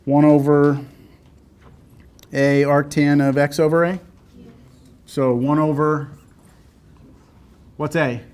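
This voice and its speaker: A man lectures in a classroom with a fairly high voice. He talks his way through the math casually, thinking aloud and slipping in jokes. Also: flat delivery, slow, pauses often, darkish tone. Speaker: calculus teacher.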